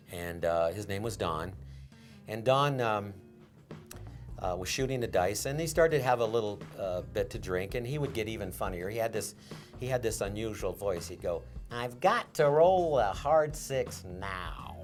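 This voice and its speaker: An older man, a former casino dealer from Las Vegas, telling an animated story in an interview and acting out the lines of the people in it. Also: on the low side, normal speed, faint music behind. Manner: animated storyteller, acts out quotes.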